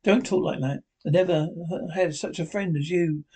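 A man's voice: on the high side, normal speed, mellow, lightly acted. A man reading aloud, voicing an earnest grown male painter who speaks in an earnest, pleading way.

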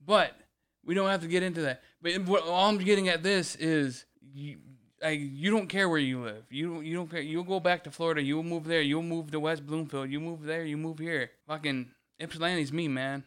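A man's voice: fairly high pitch, steady tone, normal speed, fairly bright tone, clear, resonant tone. A young man on a podcast, heated and emotional, swearing constantly and close to tears. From Michigan. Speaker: podcast co-host. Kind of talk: casual chat.

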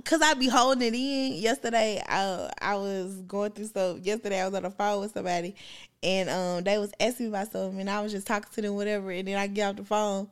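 A woman's voice: mid-range voice, fairly even intonation, fast, clean tone. A woman in her thirties co-hosting a casual podcast chat. She rambles, with plenty of filler words and restarts. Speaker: podcast co-host.

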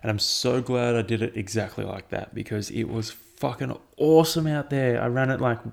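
A man's voice: mid-range voice, steady tone, normal speed, gravelly. A young Australian man hosting a solo podcast, rambling and swearing often, sounding tired. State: tired, yawning. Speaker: podcast host. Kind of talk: casual solo podcast chat.

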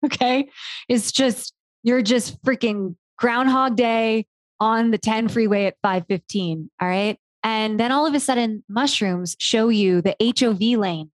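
A woman hosting a podcast interview, telling a playful, animated story with mild swearing. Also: fairly high pitch, measured pace, dry recording, studio quality. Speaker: podcast host. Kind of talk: casual interview chat.

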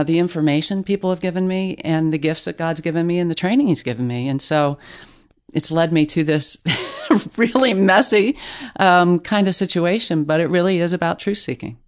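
A middle-aged woman journalist, a guest in an interview, telling stories in a lively casual way with restarts. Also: low voice, clear, resonant tone. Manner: animated storytelling with restarts.

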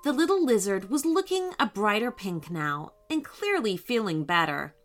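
A woman reading a children's story aloud in a gentle, expressive way. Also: medium pitch, moderate pace, few pauses, soft background music.

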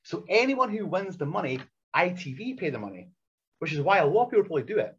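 A man races through his stories in a fairly high, husky voice. He talks in an animated, foul-mouthed way and restarts his sentences often. The recording sounds muffled and lo-fi. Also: fast. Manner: animated, swears freely, many restarts. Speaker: wrestler and coach, podcast guest. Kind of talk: casual storytelling chat.

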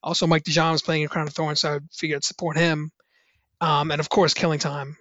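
A man's voice: a little high, level tone, a little fast, a bit bright, no room sound, muffled recording. A man, a musician, telling rambling casual stories with lots of fillers and restarts. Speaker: musician guest on a podcast. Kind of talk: casual anecdotal storytelling.

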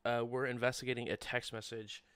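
A man's voice: mid-range voice, flat delivery, a little fast, a bit bright, clean tone, dry recording. A man hosting a tabletop game session in a wry, chatty way, with many ums and uhs. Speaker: game master.

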